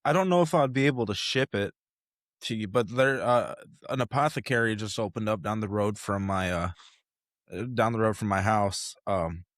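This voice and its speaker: A male podcast host chats casually from a home podcast setup, relaxed and rambling with plenty of filler words. His voice is lowish and his speed normal, captured in a dry, clean studio-quality recording.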